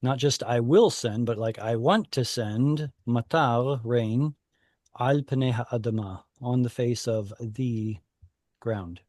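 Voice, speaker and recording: A man teaching a Hebrew class online over a video call, explaining patiently and thinking aloud with pauses. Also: mid-range voice, a little mellow, no echo, clean studio sound.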